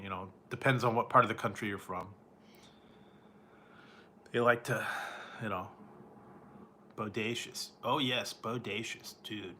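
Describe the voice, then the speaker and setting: A man talks slowly and easily, as if hanging out with viewers on a late-night stream. His tone is bright and a bit pressed, he chuckles often, and he drops into playful stereotype voices. A faint hum of room ambience sits behind him. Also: on the low side. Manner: laid-back, chuckles often, playful surfer-dude mimicry. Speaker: food vlogger chatting with viewers. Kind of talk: casual live-stream chat.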